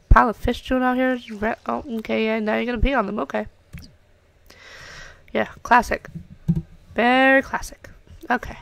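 A woman's voice: on the high side, normal speed, vocal fry, pauses often, fairly bright tone, no room sound. A young woman giving casual let's-play commentary, chatting away and cooing at the pets in her game. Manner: chatty, coos and talks to the game's pets. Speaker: gameplay commentator.

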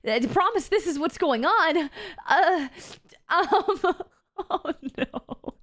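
A woman streamer chatting playfully with her live chat, giggly and quick to get flustered. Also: very high-pitched, expressive, fairly bright tone. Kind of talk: casual livestream chat.

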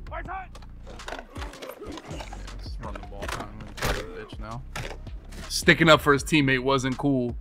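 This man's voice sits at medium pitch with a slightly bright quality as he narrates his gameplay for a stream. He curses, rants, and mutters to himself, and game music plays underneath.

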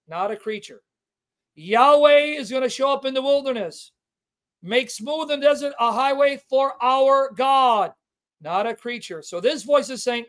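A man hosting a livestream Bible teaching, reading scripture aloud and stressing key words again and again. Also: very high-pitched. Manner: emphatic, repeats key words to drive the point home; reads scripture aloud with slow stressed delivery.

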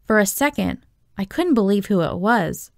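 A woman reading a children's novel aloud, telling the story in a steady, expressive way. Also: medium pitch, moderate pace, creaky, no room sound, clean studio sound. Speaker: audiobook reader.

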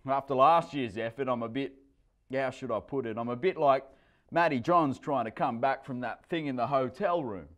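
A man's voice: medium pitch, normal speed, fairly bright tone, lightly acted. A man reading a story voices a patient Australian dad and tradie who talks in an easygoing, slightly sheepish way.

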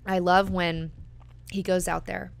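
A woman's voice: on the low side, level tone, a little slow, gravelly, clear, resonant tone. A young woman hosting a book club, talking casually and filling her speech with "like" and "you know". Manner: chatty, lots of "like" and "you know".

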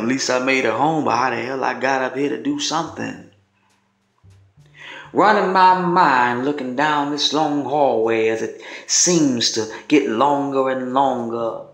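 Slow, echoey male spoken word poet. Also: medium pitch, gravelly, fairly bright tone. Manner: measured, dramatic first-person delivery. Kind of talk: spoken word poetry performance. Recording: roomy echo. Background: faint music.

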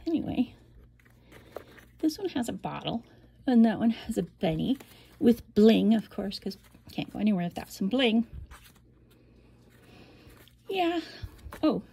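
A woman's voice: on the high side, sing-song, measured pace, gravelly, long pauses, warm tone, breathy edge. A middle-aged woman casually showing off a handmade album, chatty and rambling, with frequent laughs and whispered asides. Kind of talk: casual show-and-tell.

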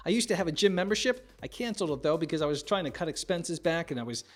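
Middle-aged man doing animated stand-up. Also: fast talker. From United States. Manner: animated, acts out characters with big pitch jumps. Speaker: stand-up comedian. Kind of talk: observational stand-up monologue.

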